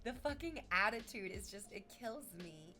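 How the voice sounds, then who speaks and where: A woman's voice: mid-range voice, unhurried, faint music behind. Foul-mouthed chatty streamer woman. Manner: swears freely in relaxed chatter; reads viewer comments aloud. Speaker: livestreamer. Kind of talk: casual livestream chat.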